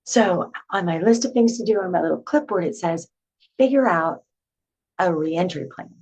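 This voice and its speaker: A middle-aged woman telling her own story to camera in a chatty, animated way, full of filler words. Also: on the low side, fairly quick, breathy edge, poor audio.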